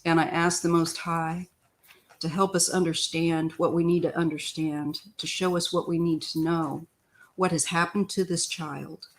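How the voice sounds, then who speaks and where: An older woman from Missouri, a tarot reader chatting loosely through a live-stream reading, clearing her throat often. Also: low voice, flat delivery, unhurried, a little hiss or hum.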